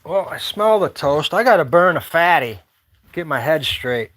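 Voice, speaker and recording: High, bright-voiced joking man. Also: animated, a little slow. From Michigan. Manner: rambling, joking, loud whoops. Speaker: vlogger. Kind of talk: casual outdoor vlog chat.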